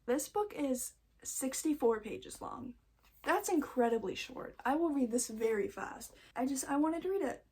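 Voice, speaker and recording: Young woman, slightly high voice, rambling, chatty, nervous first-time vlogger, seated at home. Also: animated, a little slow, dark tone, breathy edge. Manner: rambling, chatty, self-interrupting. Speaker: book vlogger. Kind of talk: casual book haul chat.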